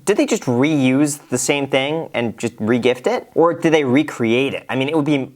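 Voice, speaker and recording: A man's voice: medium pitch, moderate pace, darkish tone, a little hiss or hum. A man, giving casual, joking reaction commentary with chuckles and restarts. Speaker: host reacting to a video.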